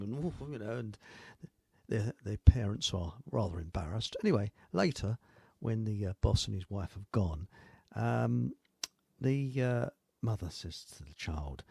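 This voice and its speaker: An older Englishman hosts a live web show, talking in a rambling, salty way with a gravelly, creaky voice. His pitch swings widely as he talks, and the sound is close and dry. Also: lively intonation, measured pace, warm tone, dry recording. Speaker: host of a live online talk show. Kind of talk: casual live-stream chat and joke telling.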